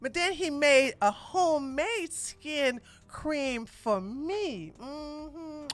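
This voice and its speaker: A woman's voice: high-pitched, animated, extremely slow, full character voice. A woman putting on a flamboyant, sassy man just out of jail, campy and drawling. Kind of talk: mocking podcast impression.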